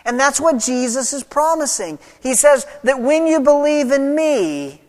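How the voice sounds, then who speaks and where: A pastor preaching a sermon, swinging between loud emphatic lines and soft, low asides. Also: animated, unhurried. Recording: long reverb of a large hall.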